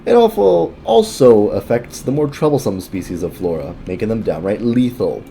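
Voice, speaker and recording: A man's voice: on the low side, big pitch swings, moderate pace, gravelly, dark tone, a little hiss or hum. A man reading a chatty villager's game dialogue aloud in a plain voice, with small stumbles.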